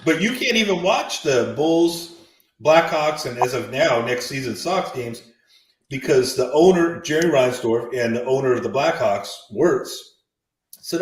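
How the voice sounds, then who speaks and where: A man's voice: medium pitch, expressive, a little slow, far from the mic. A man ranting in casual chat over drinks, profane and exasperated. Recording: echoey room.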